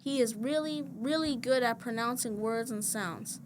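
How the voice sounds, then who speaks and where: A woman reading a children's picture book aloud in a gentle, even storytelling manner. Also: fairly high pitch, normal speed. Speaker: storybook reader. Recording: noisy background hiss.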